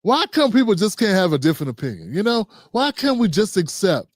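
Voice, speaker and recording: High-pitched male commentator, fired-up ranter, dry close sound. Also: brisk, no room sound. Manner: animated, exasperated rants with swearing. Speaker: political commentary streamer. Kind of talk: reaction commentary on news clips.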